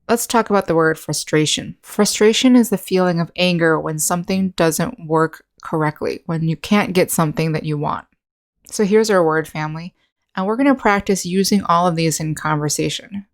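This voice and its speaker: An American woman teaching an English lesson, reading model sentences slowly and clearly. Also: on the low side. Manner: slow, carefully enunciated model sentences.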